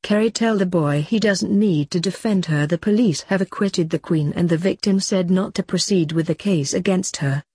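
Dogged reporter, read by a woman, probing questions, husky low voice, storybook. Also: normal speed, hardly any pauses, mellow, no room sound, studio quality. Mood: determined. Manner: quoting and probing, plain questions. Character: dogged female news reporter, persistent.

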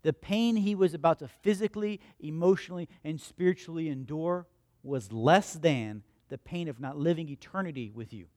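Man, pastor, sermon, high voice, dry close sound, emphatic repetition, loud peaks and hushed stories. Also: moderate pace, no room sound. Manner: rhetorical repetition, swinging from loud emphatic peaks to quiet storytelling; asks the congregation questions and answers them himself.

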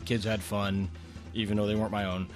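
A man's voice: on the low side, level tone, brisk, soft background music. A man co-hosting a podcast, telling a trip story in a chatty, rambling way, often restarting his sentences. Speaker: podcast co-host.

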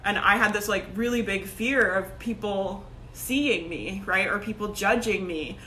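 Bright, chatty woman coach talking to camera. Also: mid-range voice, unhurried, slight background noise. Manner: chatty and energetic, laughs often, says like and right a lot. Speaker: business coach hosting a Facebook group live video. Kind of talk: casual motivational live-stream talk.

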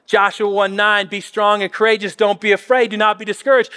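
A pastor in his fifties preaching a sermon in a church, earnest, sometimes dropping to a soft near-whisper for emphasis. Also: high voice, little pitch movement, brisk, hardly any pauses, smooth, big-room sound. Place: church auditorium.

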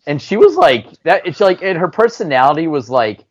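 A man co-hosting a podcast, rambling on in a lively voice that rises and falls. His manner stays loose and joking. The sound is dull and lo-fi. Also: a little high, normal speed. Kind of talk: casual chat.

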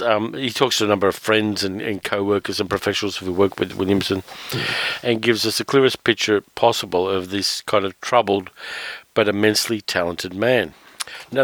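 A man hosting a casual film commentary. He speaks thoughtfully, with fillers and pauses as he reads from his notes. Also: lowish voice, fairly bright tone, dry recording, poor audio. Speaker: film reviewer host.

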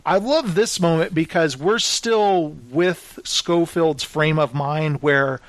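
A man with a slightly raised voice recounts a war film scene by scene in a relaxed podcast chat. He slips into the characters' lines as he goes, and the sound is close and dry with no room echo. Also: on the high side, slow. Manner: animated retelling, acts out quoted lines. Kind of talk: casual film discussion.

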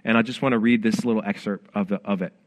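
A man's voice: on the low side, fairly even intonation, fast. A man preaching a sermon as pastor, earnest and conversational, with frequent restarts.

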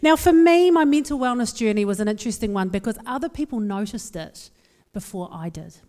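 A woman's voice: fairly high pitch, expressive, a little fast, darkish tone. A woman with a New Zealand accent giving a humorous, candid personal talk to a live audience, telling stories in a self-deprecating way. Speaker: speaker. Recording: long hall reverb.

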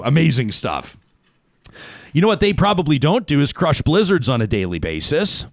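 A man's voice: on the high side, sing-song, normal speed, no echo, clean studio sound. A man hosting a radio talk show, chatting casually and rambling, often laughing as he reads out listener comments. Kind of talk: casual call-in radio chat.

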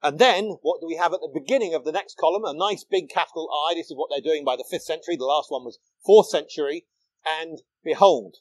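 A man delivers a public lecture in a somewhat high voice. He explains patiently and poses rhetorical questions. The sound is dry and close, with little room echo. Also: a little mellow. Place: lecture hall.

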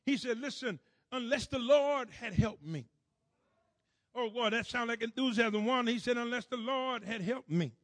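A man's voice: very high-pitched, moderate pace, fairly bright tone, no room sound. A man preaching a sermon, fervent and rhythmic, with repeated phrases and call-and-response to the congregation.

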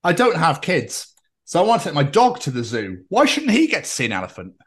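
A man co-hosting a casual podcast, delivering posts in a sarcastic, deadpan, sweary manner. His pitch moves around in a lively way. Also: fairly quick, slightly rough. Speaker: podcast co-host.

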